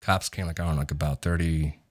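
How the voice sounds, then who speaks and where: A man, a podcast guest, calmly telling a story in casual talk. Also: extremely low pitch, quick pace. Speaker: guest, acting coach.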